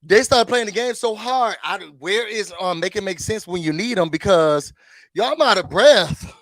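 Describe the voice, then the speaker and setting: A man hosting a casual reality-show recap, chatty and animated, laughing and throwing in dramatic asides. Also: high-pitched, normal speed, no echo. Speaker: YouTube host.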